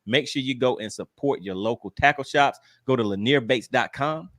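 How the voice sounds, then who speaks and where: A man's voice: medium pitch, normal speed, fairly bright tone, dry recording, clean studio sound. A man hosting a fishing live stream, chatting casually, teasing his guest and laughing a lot.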